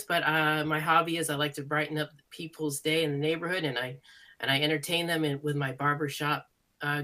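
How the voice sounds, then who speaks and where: A stammering, eager insurance salesman, played by a man in improv, bright and tense in tone, tripping over fillers as he tries to sound cheerful. Heard over a video call. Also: on the high side. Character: nervous chipper male insurance salesman and barbershop singer. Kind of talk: improv comedy character.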